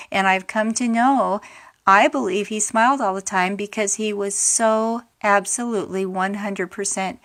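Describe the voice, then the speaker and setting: An earnest middle-aged woman talks straight to the listener. Her speech is heartfelt and unpolished, full of little fillers and restarts as she gathers her thoughts. Her pitch sits mid-range for a woman. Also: fairly bright tone. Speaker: widow sharing her grief experience. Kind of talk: personal talk to camera.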